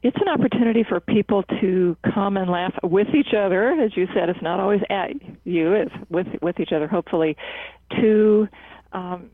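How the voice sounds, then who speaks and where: A psychotherapist who leads a laughter club at a cancer center, answering interview questions in an earnest, measured way with frequent fillers and restarts. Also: medium pitch, dry recording. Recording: tinny phone-like line, dry.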